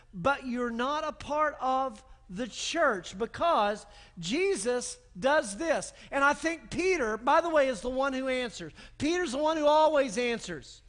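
A man's voice: extremely high pitch, bright, forceful tone. A man pastor preaching a sermon in an emphatic manner, building long repeated lists.

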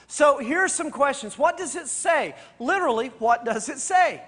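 A man's voice: very high voice, animated, moderate pace, few pauses, a bit bright. A man, a pastor, teaching a Bible study, firing off rhetorical questions, repeating key points and speaking straight to his listeners in a casual way. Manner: addresses listeners directly and casually.

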